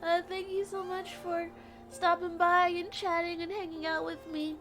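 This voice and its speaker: Very high-voiced tearful woman streamer. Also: little pitch movement, moderate pace, soft background music. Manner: emotional, exclaiming and swearing, then soft sign-off. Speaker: livestreamer. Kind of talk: live game stream reaction.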